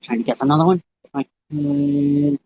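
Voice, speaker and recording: A guest on a live stream, speaking casually and hesitantly, with many ums and pauses. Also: mid-range voice, a little mellow, lo-fi sound.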